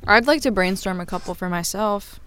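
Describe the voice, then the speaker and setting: A woman's voice: mid-range voice, a little fast, a bit bright, clear, resonant tone. A woman hosting a casual podcast with her mother as guest, making wry, dry remarks. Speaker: podcast host, daughter of the guest.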